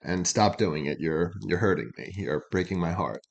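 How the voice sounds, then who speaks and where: A man with a fairly low, everyday voice walks through song lyrics piece by piece in relaxed reaction-video chat. He explains patiently and clears his throat often between thoughts. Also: moderate pace, muffled recording. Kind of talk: casual lyric breakdown.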